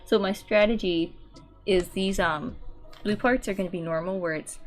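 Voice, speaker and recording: A woman's voice: medium pitch, moderate pace, faint music behind. A young woman streaming while she paints, rambling in casual chat with lots of fillers and restarts. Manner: rambling and chatty, many "like"s and restarts. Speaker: VTuber streamer.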